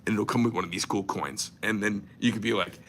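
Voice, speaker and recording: A man's voice: lowish voice, steady tone, fast talker, a bit bright. A man, a knife company owner, talking in a profane, joking, rambling style on a casual livestream. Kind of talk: casual crude livestream rant.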